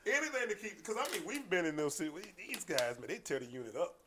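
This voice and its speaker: Animated man, slightly higher voice. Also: fast talker, slight background noise. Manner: animated, dropping to hushed asides then loud bursts. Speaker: podcast guest. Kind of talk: casual storytelling in conversation.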